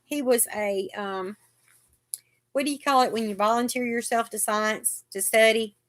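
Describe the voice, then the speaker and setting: A woman's voice: a little high, steady tone, normal speed, a bit bright. A middle-aged woman, hosting a casual live chat and telling chatty stories, acting out what the doctors said. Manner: chatty storyteller, acts out the doctors' lines.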